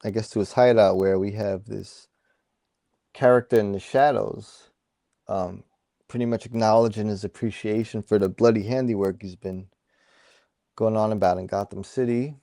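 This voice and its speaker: A man's voice: lowish voice, fairly even intonation, moderate pace, vocal fry, mellow, no echo, studio quality. A man co-hosting a casual comic book podcast, laid-back and jokey, with plenty of fillers and murmured agreement. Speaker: podcast co-host.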